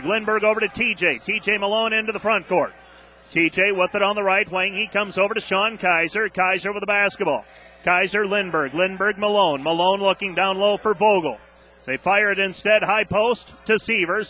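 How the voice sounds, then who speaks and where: A man calling a college basketball game on radio, rattling off play-by-play and getting loud on big plays, openly exasperated with the officiating. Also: sits high, a little fast, slight background noise.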